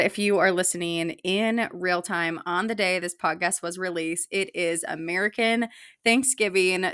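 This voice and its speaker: A woman's voice: fairly low pitch, a bit bright, dry recording, clean studio sound. A woman hosting her own podcast as an online fitness coach, talking in a chatty, upbeat way with casual fillers. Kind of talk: solo podcast talk.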